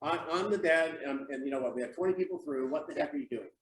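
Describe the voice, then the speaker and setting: A man runs a sales training session in an echoey room, heard from across the space. His voice sits a little high, and he presses people with blunt, pushy questions. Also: quick pace, distant mic. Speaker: real estate sales coach. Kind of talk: live training seminar, running role-plays.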